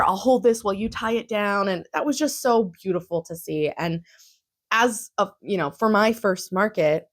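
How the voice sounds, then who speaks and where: Young adult woman, casual vlog recap, chatty and laughing often. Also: medium pitch. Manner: chatty, giggly, lots of fillers. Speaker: vlogger.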